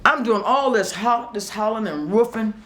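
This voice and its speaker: A woman's voice: fairly high pitch, moderate pace, a bit bright. A woman tells her own story of turning her life around. She is emphatic and heartfelt, breaks into laughter often, and plays out the things she once said. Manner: vivid storyteller who acts out her own past words. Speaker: employee sharing a success story. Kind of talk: personal testimonial.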